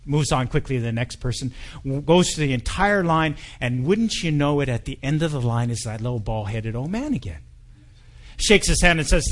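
Conversational pastor, slightly high voice. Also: male voice, animated, moderate pace, fairly bright tone. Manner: conversational, hesitant with ums. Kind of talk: sermon with humorous story.

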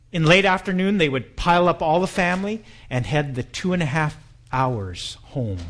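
A man's voice: medium pitch, slight background noise. A man preaching at a church anniversary, telling a humorous story in a conversational manner with frequent ums. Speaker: pastor.

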